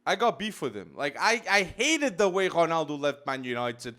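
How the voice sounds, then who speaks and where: A male podcast host, talking football in an emphatic, animated way with many restarts. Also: fairly high pitch, moderate pace. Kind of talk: casual football podcast talk. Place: Portugal.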